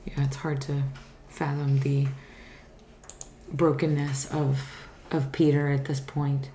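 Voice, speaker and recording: A woman with a low, mellow voice and flat delivery co-hosts a faith podcast, discussing the Bible casually and earnestly before leading a spoken prayer. She's reflective, pausing and restarting, and the recording sounds roomy with a little hiss or hum.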